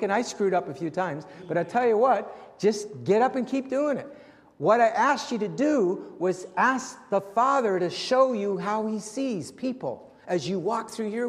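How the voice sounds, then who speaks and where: A pastor preaches with a high-pitched voice, repeating and restarting phrases as he presses his point. His delivery swings between loud, animated appeals and quiet, hushed moments. A long reverb hangs on his words, as in a large hall. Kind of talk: sermon.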